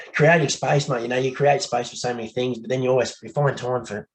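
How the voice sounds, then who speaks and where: An Australian man speaking candidly as a guest on a casual podcast, blokey and quick to laugh, swearing now and then. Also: medium pitch, steady tone, low-quality recording.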